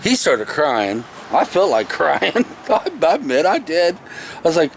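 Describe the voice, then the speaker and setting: A man with a raspy, fry-laden voice pitched a little high tells an old story in a loose, folksy way, often stopping to correct himself. He is filming himself outdoors in the shade, and a faint background noise sits under his voice. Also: very animated, unhurried. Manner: rambling, folksy, self-correcting. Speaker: vlogger. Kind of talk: casual storytelling. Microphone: camera he is handling himself.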